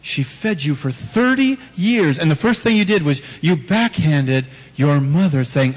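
A man's voice: high voice, very animated, brisk. A man preaching a sermon before a live audience, telling personal stories with emphatic rhetorical questions and light teasing. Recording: dull audio with long hall reverb.

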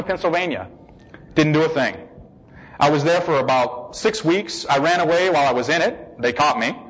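A man from the United States tells his own story with animated energy. His voice sits a little higher than most men's. He acts out the voices of the people in his story and hammers his points home by repeating them. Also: breathy edge, poor audio. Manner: emphatic repetition. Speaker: speaker giving a personal testimony. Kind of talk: personal testimony talk.

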